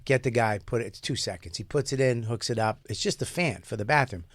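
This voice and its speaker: A man's voice: mid-range voice, fast, no room sound. A man with a mid-range voice co-hosts a podcast in loose, casual chat. He teases playfully and repeats his questions for comic effect. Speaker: podcast co-host.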